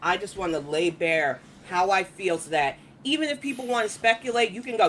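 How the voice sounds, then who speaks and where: A woman's voice: mid-range voice, brisk, hardly any pauses. A woman streamer in an emotional livestream monologue, aggrieved and declaring her position, swearing now and then. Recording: faint background noise.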